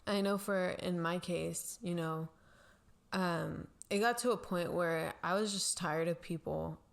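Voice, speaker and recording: A woman's voice: on the low side, a little slow, creaky. A woman co-hosting a casual faith chat, reflecting and encouraging her sister, with a habit of saying "you know". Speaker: co-host sister.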